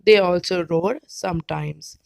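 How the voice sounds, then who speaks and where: A woman teacher with an Indian English accent, explaining slowly and carefully, sometimes spelling words out letter by letter. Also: lowish voice, vocal fry, a little mellow, dry recording, poor audio. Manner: careful, spells words out, brief animal imitations. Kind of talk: slow educational explanation.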